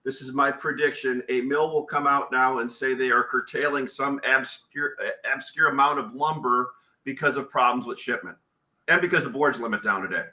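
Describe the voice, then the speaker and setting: Bright-voiced host in an echoey room. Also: male voice, mid-range voice, normal speed. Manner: moderating, prompts guests. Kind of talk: casual panel discussion.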